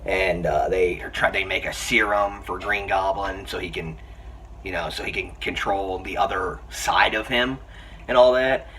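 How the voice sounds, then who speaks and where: A man giving a casual, excited film review, chatty and full of fillers, often laughing. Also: deep voice, moderate pace. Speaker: movie reviewer. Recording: voice a bit far from the mic, faint background noise.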